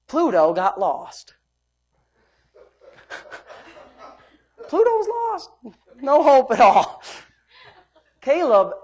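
A woman preaching a sermon, swinging between loud emphasis and hushed asides, telling homey stories with laughter. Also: on the low side.

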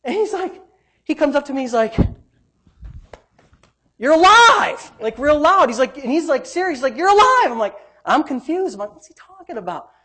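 A man preaching a sermon and telling his own story. He swings between loud, emphatic preaching and low, muttered asides, and he acts out the quoted voices. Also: expressive, quick pace. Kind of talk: sermon with personal testimony.

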